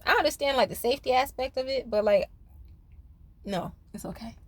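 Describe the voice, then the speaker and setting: A woman's voice: sits high, a little fast, no room sound. A woman giving a casual, profane recap of a reality show, laughing often and talking straight to her viewers. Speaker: reality TV commentator.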